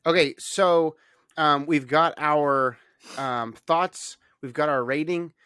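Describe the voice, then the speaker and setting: Man, podcast host, casual chat, rambling, animated, slightly high voice, dry close sound. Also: takes it slowly, clean tone, no room sound. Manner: rambling, animated, many fillers.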